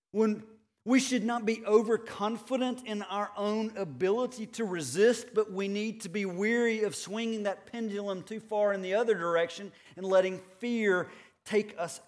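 Earnest preaching man, high and unhurried. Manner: earnest, measured preaching with rhetorical questions. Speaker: pastor. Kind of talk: sermon.

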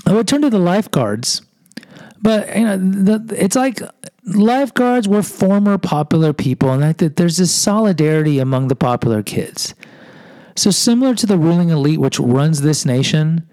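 A man's voice: medium pitch, creaky, darkish tone, no echo, rough recording. A man from Houston, a podcast host, telling a personal story in a self-deprecating way and acting out what people said. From Houston, Texas. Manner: self-deprecating, acts out quoted voices.

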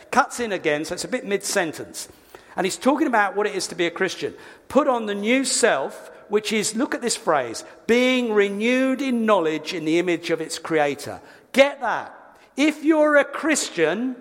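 A man preaching a sermon, lively, with quick asides and self-corrections. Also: high voice, long reverb tail. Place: church.

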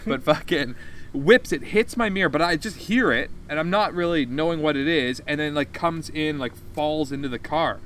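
A man telling a story on a casual podcast, swearing often and animated. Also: a little high, moderate pace, a little hiss or hum. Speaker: podcast co-host.

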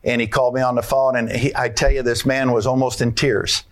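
A man's voice: mid-range voice, little pitch movement, fairly quick. A man giving a folksy conference talk on farming, asking the audience questions and walking through his slides.

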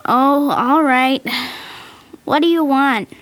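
A grumbling, dismissive young boy, voiced by a woman, in a family audio drama. His voice is high, and he drawls every curt word slowly. The recording is dry and close. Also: fairly bright tone, no room sound. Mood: grumpy. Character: grumpy boy, dismissive big brother.

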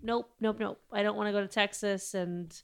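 A woman with a smooth, clear voice chatting casually. She tells her story bluntly and irreverently, without softening anything. It sounds like loose podcast banter. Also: mid-range voice, fairly even intonation, normal speed. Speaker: actress and podcast co-host. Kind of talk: casual chat.

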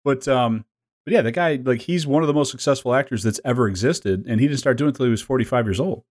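A man's voice: medium pitch, fast talker, darkish tone. A man in his forties, co-hosting a podcast in casual, rambling chat, joking and laughing often. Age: 40s. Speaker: podcast co-host.

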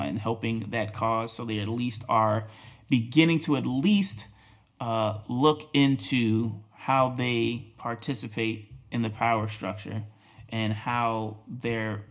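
A man hosting a solo podcast commentary, talking emphatically, repeating key phrases and laughing between points. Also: medium pitch. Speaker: podcast host.

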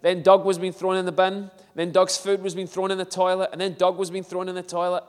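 Male preacher, fairly high voice, long hall reverb, storytelling sermon. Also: monotone, fairly quick, smooth. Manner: storytelling, swings from hushed to emphatic. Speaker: pastor.

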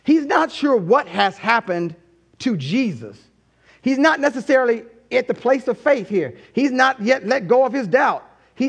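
A male pastor preaches in an animated storytelling style and keeps asking his listeners rhetorical questions. His voice sits high for a man. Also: a little slow, vocal fry. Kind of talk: sermon.

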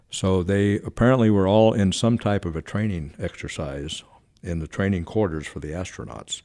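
A very deep-voiced older man recounts memories in an interview. He talks in a chatty, meandering way, restarting phrases and dropping in fillers. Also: normal speed, darkish tone. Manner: chatty, frequent self-corrections and fillers. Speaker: former White House switchboard operator. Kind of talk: anecdotal storytelling in an interview.

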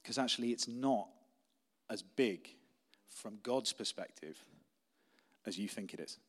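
A young adult man preaching a sermon as pastor, conversational and story-driven, dropping to a quiet, intense tone for key points. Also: on the low side, unhurried.

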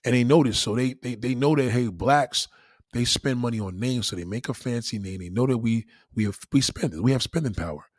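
A man's voice: medium pitch, fairly quick, no echo, clean studio sound. A man delivering a profane, emphatic ranting monologue full of rhetorical questions, talking to a livestream audience.

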